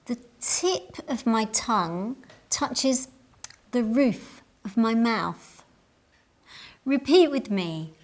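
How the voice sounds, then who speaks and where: Very slow, deliberate woman teacher. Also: fairly high pitch. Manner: careful, deliberate enunciation. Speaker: English teacher. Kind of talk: scripted language lesson.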